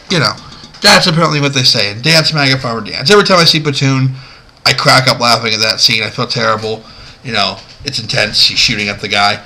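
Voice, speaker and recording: A man's voice: medium pitch, pushed and bright, a little hiss or hum, poor audio. A man vlogging a casual, rambling and amused commentary that counts down his favorite movie moments. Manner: chatty, rambling, amused, many fillers.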